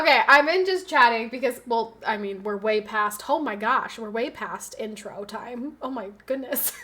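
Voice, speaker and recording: Young woman streamer, high bright voice, loud and excitable, talks fast to chat. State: pregnant. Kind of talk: casual chat with live viewers.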